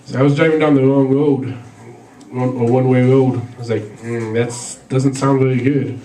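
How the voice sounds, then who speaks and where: A man's voice: medium pitch, level tone, moderate pace, dark tone, roomy sound, distant mic, rough recording. A man doing a stand-up comedy set, rambling through stories with lots of fillers and laughs at his own jokes. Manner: rambling, filler-heavy storytelling with frequent laughs.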